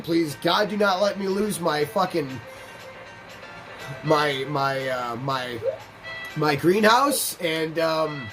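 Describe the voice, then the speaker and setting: A man hosting a let's play, telling a personal story and cursing freely as he plays. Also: high-pitched. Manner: candid, profane, animated. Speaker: gaming channel host.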